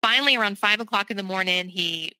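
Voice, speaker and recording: Bright-voiced woman telling her story. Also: medium pitch, quick pace, clear, resonant tone, no echo, rough recording. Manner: animated, vivid retelling with quoted voices. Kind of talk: personal storytelling in a podcast interview.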